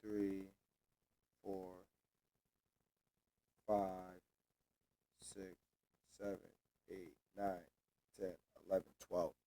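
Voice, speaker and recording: A man's voice: low voice, level tone, extremely slow, long pauses, warm tone. A young man hosting a sports show, making casual predictions alone, with loose, repetitive trash talk and free swearing.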